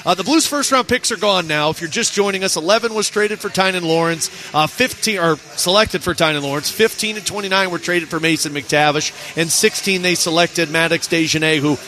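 A man's voice: high voice, sharp tone. A man hosting a sports broadcast from an arena event, chatting casually and joking with his co-host. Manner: chatty, joking, quick to laugh.

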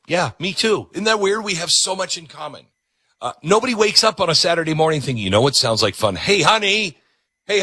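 A man hosting talk radio, his pitch swinging widely as he mocks and jokes. His voice is bright and a little husky. The studio sound is dry and close. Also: no room sound. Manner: animated, sarcastic, mocking voices. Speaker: radio talk show host. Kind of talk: opinionated talk radio monologue.

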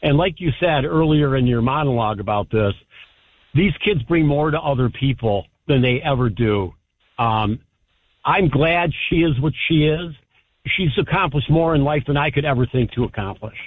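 A man's voice: fairly high pitch, expressive, normal speed, no echo. A man calling in to a radio show, speaking heartfelt and grateful about his children. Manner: warm, grateful, heartfelt father. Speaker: caller. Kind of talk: call-in radio talk. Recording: tinny phone line.

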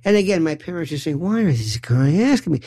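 A man telling a rambling comic monologue, repeating and restarting words in quick bursts. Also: slightly rough, no echo. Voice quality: animated, acts out quoted voices with big pitch jumps. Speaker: storyteller.

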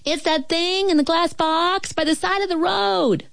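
A woman voicing an excitable little girl who calls out loudly from far away in a storybook reading. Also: fairly high pitch, normal speed, dry recording, studio quality. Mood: calling.

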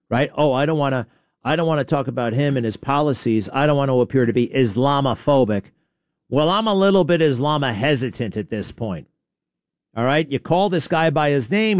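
Speaking in a mid-range voice, a male talk show host plays clips during a rambling, sarcastic monologue of opinions, with many asides and restarts. There's no room sound, just a clean studio recording.

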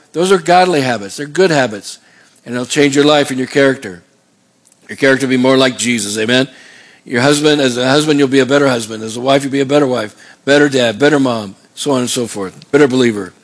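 Preaching man with a higher voice. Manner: preaching with call-and-response questions to the congregation. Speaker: pastor. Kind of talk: sermon.

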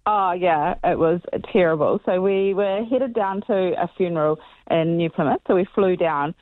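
Female caller with a New Zealand accent, lively storyteller, dry phone-line sound. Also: lowish voice, moderate pace, no echo. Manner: animated storytelling, checking in with "okay?". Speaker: radio caller.

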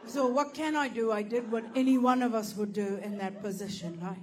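A woman's voice: a little high, a little fast, a little mellow, a little hiss or hum. A woman doing stand-up, telling a story animatedly, swearing and laughing through it. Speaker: stand-up comedian.

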